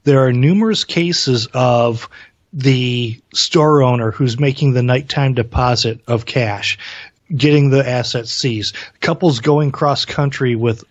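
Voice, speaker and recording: A man's voice: mid-range voice, a little slow, no echo, dull audio. A male co-host in casual political chat who talks earnestly and reads quotes aloud.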